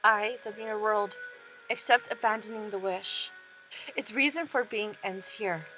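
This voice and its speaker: A woman voicing a solemn mirror world spirit that explains things in a measured way, reading aloud for a game playthrough. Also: mid-range voice, sharp tone, faint music behind, low-quality recording.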